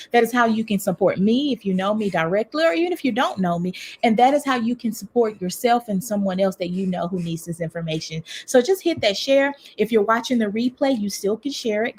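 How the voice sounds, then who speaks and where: A woman from Mississippi with a Southern US accent, a relationship coach talking fast and excitedly on a livestream from home. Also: mid-range voice, breathy edge. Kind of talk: livestream talk. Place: home room with a heater running.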